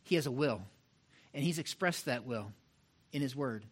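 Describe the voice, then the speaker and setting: A middle-aged man preaching a sermon as pastor, animated and talking straight to the congregation, acting out little voices to make his points. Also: medium pitch, normal speed, slightly rough. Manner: animated, mimics voices for illustration, direct address to congregation.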